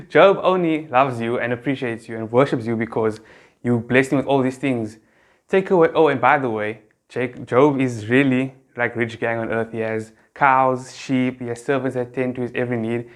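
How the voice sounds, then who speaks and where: Laid-back young man, chatty youth speaker. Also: mid-range voice. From South Africa. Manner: laid-back and chatty, full of slang and fillers. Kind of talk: casual devotional talk to camera.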